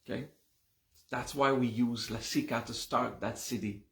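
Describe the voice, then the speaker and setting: A man teaching a live class, slowly and patiently explaining word meanings, checking in often with his students. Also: mid-range voice, steady tone, roomy sound. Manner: slow, explains patiently with repeated "okay?".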